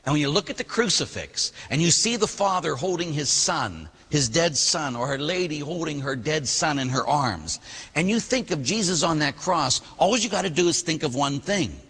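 Animated man preaching in an echoing church. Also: on the high side, normal speed, breathy edge. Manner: animated preaching, acts out voices in the story. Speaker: priest. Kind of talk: sermon. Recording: long reverb of a large hall.

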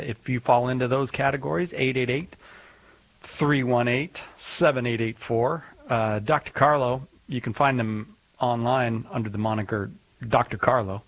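A man's voice: mid-range voice, a bit bright, no echo. A man hosting a live call-in radio show, chatting in a rambling, joking way with many restarts. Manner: rambling, self-correcting, joking. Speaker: radio host.

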